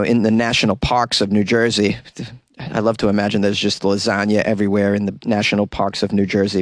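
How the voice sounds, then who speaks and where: A man's voice: medium pitch, no room sound. A man hosting a podcast, giving comic news commentary with wry, joking asides. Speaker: podcast host. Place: closet.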